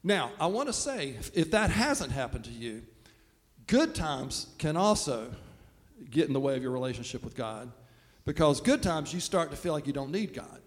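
A man's voice: fairly high pitch, very animated, moderate pace. A man preaching a sermon as pastor, talking in a conversational, self-deprecating way. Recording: long reverb of a large hall.

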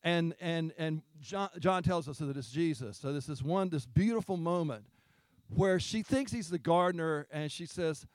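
A man's voice: a little high, moderate pace, clean tone. A man preaching a conversational Easter sermon as a pastor, retelling scripture in a folksy, chatty way.

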